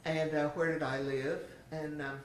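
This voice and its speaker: A woman's voice: sits low, level tone, measured pace, a little hiss or hum. An older woman shares a homey, chatty personal testimony from a church platform. Her voice rings with room echo and sounds distant from the mic, with faint ambience behind. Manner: homey, chatty, laughs often. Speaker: church speaker giving a testimony. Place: church sanctuary.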